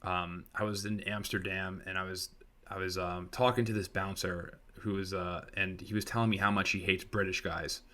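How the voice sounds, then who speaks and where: Very deep-voiced young man, rambling. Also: flat delivery, moderate pace, sharp tone. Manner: rambling storyteller who digresses. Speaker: podcast co-host. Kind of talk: casual chat.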